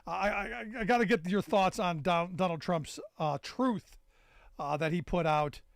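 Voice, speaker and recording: A man's voice: high-pitched, normal speed, no room sound, studio quality. A man hosting a call-in talk radio show, chatting with a guest and cracking sarcastic jokes. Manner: wisecracking, sarcastic asides.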